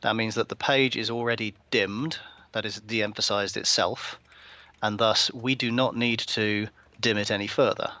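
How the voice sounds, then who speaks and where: A man pair-programming, calmly explaining what the code should do. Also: lowish voice, normal speed, no echo, dull audio. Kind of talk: casual technical discussion.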